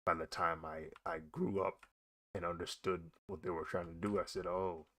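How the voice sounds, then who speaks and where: A young man chatting casually while he draws, animated and laughing often as he talks. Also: low voice, moderate pace. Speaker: artist vlogger. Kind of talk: casual chat while drawing.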